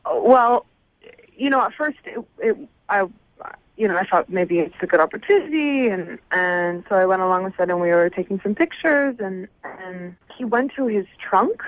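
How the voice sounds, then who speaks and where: A woman calling in to a radio show, hesitant at first and sharp when pushed. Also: medium pitch, expressive, normal speed, dry recording. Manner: hesitant, then sharp and indignant. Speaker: caller. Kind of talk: phone call on a radio show. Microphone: telephone. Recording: muffled phone line.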